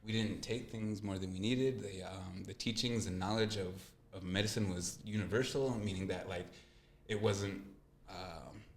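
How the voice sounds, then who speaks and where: Deep-voiced man, earnest storyteller. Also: moderate pace, few pauses, roomy sound. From California. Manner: earnest, reflective storytelling with acted quotes. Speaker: guest. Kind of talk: casual interview chat.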